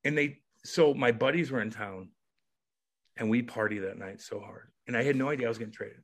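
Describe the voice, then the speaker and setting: A man, a former hockey player, telling a story as a guest on a podcast in a casual, animated way, swearing and acting out the voices in his story. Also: mid-range voice, a little fast.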